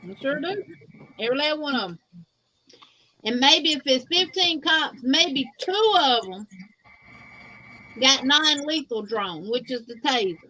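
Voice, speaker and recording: A woman's voice: high-pitched, animated, measured pace, long pauses, pushed and bright, a little hiss or hum, poor audio. A woman in a casual chat, explaining things at length in an emphatic, everyday way.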